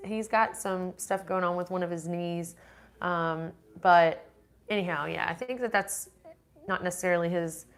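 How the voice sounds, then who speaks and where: A woman hosting a casual live-stream Q&A, reading viewer comments aloud and answering them in a rambling, chatty way. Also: medium pitch. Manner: rambling with frequent restarts.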